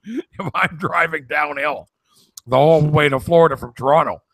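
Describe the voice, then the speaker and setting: A man with a gravelly, forceful voice tells a story with earnest conviction, now and then sliding into a sermon-like push. The sound is dry and close. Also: fairly high pitch, moderate pace, no echo. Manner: earnest storytelling, builds to preaching. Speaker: co-host. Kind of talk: casual chat, preachy at times.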